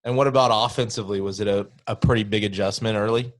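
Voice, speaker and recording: A man's voice: on the low side, steady tone, quick pace. A man hosting a podcast, asking a guest questions in a casual conversational way. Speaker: podcast host. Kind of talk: casual interview.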